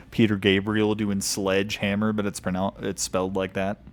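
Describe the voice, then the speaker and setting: A man's voice: on the low side, completely flat delivery, normal speed, a little hiss or hum. A man streaming a video game, reading lore aloud in a casual way, stumbling over odd names and chuckling.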